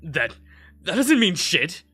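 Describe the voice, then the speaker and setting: A man voicing a manic, menacing male weasel with a gun who taunts and shouts. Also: high-pitched, very animated, takes it slowly, breathy edge, soft background music, pitched above the performer's own voice, full character voice.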